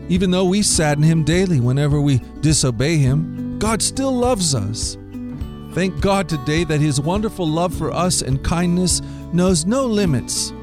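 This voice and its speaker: Higher-voiced man hosting a kids' Bible show. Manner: expressive storyteller, slows down for emphasis. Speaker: host of a daily Bible reading show for kids. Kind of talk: scripted Bible reading and devotional.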